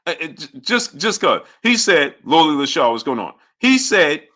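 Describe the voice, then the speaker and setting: Heated man, bright voice. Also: fairly high pitch, sing-song, moderate pace, few pauses. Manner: heated, indignant, talks back to viewers. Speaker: boxing livestream host. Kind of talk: casual live-stream chat, reading super chats.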